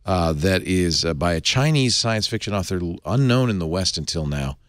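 A man's voice: sits low, animated, normal speed, dry recording, studio quality. A middle-aged man hosting a tech talk show, chatting casually and reading an ad with restarts and asides. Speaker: podcast host.

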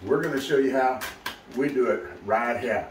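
A man's voice: mid-range voice, normal speed, a little hiss or hum. Folksy man showing a recipe. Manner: folksy and chatty, calls viewers y'all. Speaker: fishing channel host. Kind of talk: casual how-to video. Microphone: camera mic, filmed by a helper.

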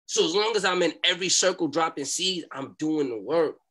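New guy, young, lively storytelling, bright forward voice, acts out quotes. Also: a little high, a little fast, husky. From New York. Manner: animated street talk, acts out quotes. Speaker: podcast guest. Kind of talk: storytelling in a podcast interview.

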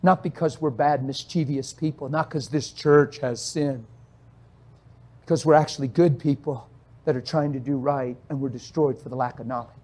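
A man preaching as a pastor, impassioned and pleading, firing off rhetorical questions and swinging between hushed, quiet passages and loud outbursts. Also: mid-range voice, fairly even intonation. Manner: asks rapid rhetorical questions. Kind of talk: sermon.

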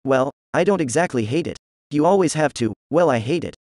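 A man's voice: a little high, animated, fairly quick, a little mellow, dry recording, clean studio sound, lightly acted. A man voicing an impatient, somewhat snotty young woman in an audiobook, with clipped lines.

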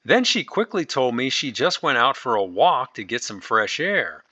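Man, story reader, lively pitch, bright tone, chatty asides, dry lo-fi recording. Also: normal speed, slightly rough, no room sound. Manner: animated storytelling, breaks in with asides. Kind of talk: reading a listener's story aloud with commentary.

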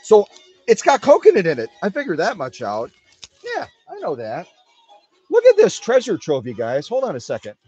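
A man hosts a live stream from his home workshop. His voice is fairly high and slightly husky, and it swings a lot in pitch as he chats to the viewers. Faint music plays in the background. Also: moderate pace, dull audio. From Wisconsin. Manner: chatty, animated, talks to the viewers. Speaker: live-stream host of a sewing machine restoration channel. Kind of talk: casual live-stream chat.

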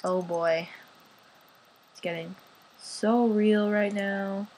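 A woman's voice: mid-range voice, steady tone, drawn-out words, darkish tone, low-quality recording. A young woman casually commenting on her life-sim gameplay in a chatty, playful way. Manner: chatty, playful, sighing over game moments. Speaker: gaming channel host.

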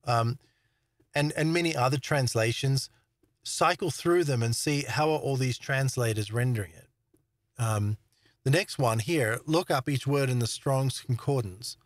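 A man's voice: mid-range voice, unhurried, no echo, studio quality. A man giving an informal Bible teaching talk, emphatic, stressing words and checking in with his listeners. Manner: emphatic, repeats words for stress, asks "all right?".

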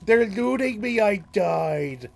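A man streaming a video game with friends, excitable, laughing often and swearing freely. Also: high-pitched, takes it slowly, vocal fry, over a noisy crowd. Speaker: gaming streamer. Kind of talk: casual gaming banter.

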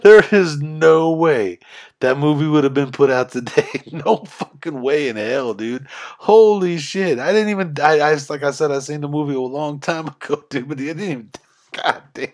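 A man streaming a cartoon reaction, swearing loudly and laughing in bursts. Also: on the high side, moderate pace. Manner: loud, profane, bursts of laughter. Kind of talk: casual reaction commentary.

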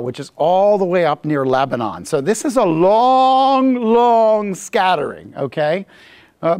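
A Bible teacher giving a casual, joking classroom lecture and acting out the scenes while reading the text. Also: medium pitch. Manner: jokey and conversational, acting out scenes.

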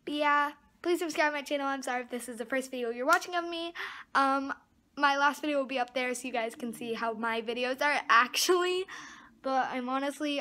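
A woman's voice: sits high, fairly quick, bright, forceful tone. A teenage girl vlogging to camera, frustrated and apologetic, rambling with a stuffed-up voice. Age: teens. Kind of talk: casual vlog talk to camera. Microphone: phone camera.

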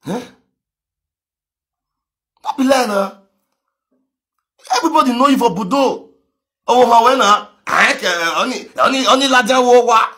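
A man with a Nigerian Pidgin accent ranting on a live video, mocking, laughing and breaking into shouts. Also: extremely high pitch, moderate pace, pauses often. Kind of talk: animated rant in pidgin.

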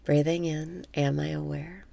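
Gravelly, very low-voiced woman guiding meditation. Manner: calm, slow, often half-whispered breath cues. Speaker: meditation guide. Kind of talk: guided meditation.

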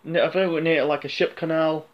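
A man's voice: fairly high pitch, little pitch movement, fast talker, dull audio. A man talking through a film review in a loose, hesitant way, with many fillers and restarts. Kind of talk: casual rambling film review.

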